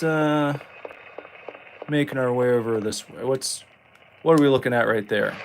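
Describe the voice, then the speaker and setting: A man streaming a survival horror game, chatting casually with rambling jokes and sudden excited outbursts. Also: medium pitch, low-quality recording. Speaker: gameplay streamer. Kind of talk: casual gameplay commentary.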